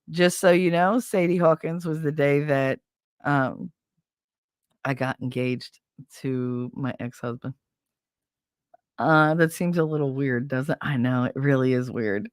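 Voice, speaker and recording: A middle-aged woman with a lowish voice hosts a casual live podcast, swinging into blunt, heated, profane rants. Her voice sounds dry and close, with no room around it. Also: measured pace, no echo. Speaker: podcast host. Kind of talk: casual livestream chat.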